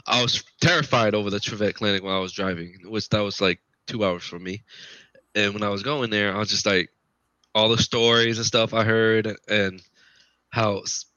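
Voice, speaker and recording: A man's voice: on the low side, steady tone, moderate pace, sharp tone, clean tone, dry recording. A man telling his paranormal investigation stories in a casual, rambling way, often repeating himself. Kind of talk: casual podcast storytelling. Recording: dull lo-fi podcast audio.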